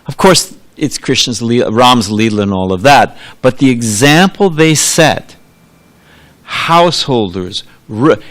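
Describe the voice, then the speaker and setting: A man delivers a sermon in a temple hall, with a voice of ordinary middle pitch. He talks casually and loosely, with frequent restarts and side remarks as he tells a story to his listeners. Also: animated, measured pace, a bit bright. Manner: conversational, rambling with asides and restarts. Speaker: preacher.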